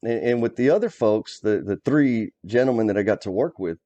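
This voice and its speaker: Middle-aged man, co-host; mellow, blunt storyteller with a casual, cursing edge. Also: fairly low pitch, animated, brisk, lo-fi sound. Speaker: co-host, former plumbing superintendent. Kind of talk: casual conversation.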